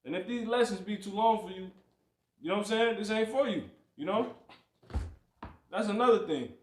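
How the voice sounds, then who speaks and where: Animated man teaching scripture, echoey room. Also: high-pitched, moderate pace. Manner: preachy, repeats "you see" and "you know what I'm saying", animated swings. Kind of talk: livestreamed Bible lesson.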